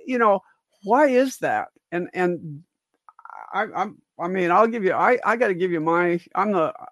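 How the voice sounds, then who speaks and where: A woman's voice: fairly low pitch, expressive, normal speed, dry recording, studio quality. An older woman, a physician co-hosting a livestream discussion, talks in long rambling stretches full of restarts and asides, rising with emphasis on key points. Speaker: co-host physician.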